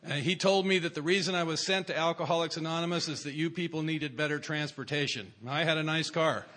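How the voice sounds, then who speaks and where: A man's voice: on the high side, fairly even intonation, fast talker, pushed and bright. A man speaking at a recovery meeting, telling a personal story in a wry, self-mocking way.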